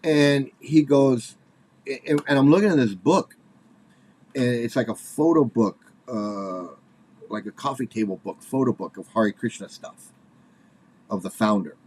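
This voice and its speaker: Halting, worked-up man in his forties. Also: mid-range voice, a little mellow. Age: 40s. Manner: halting, repeats words, nervous laughs. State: worked up, angry. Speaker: commentator. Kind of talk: casual spoken commentary.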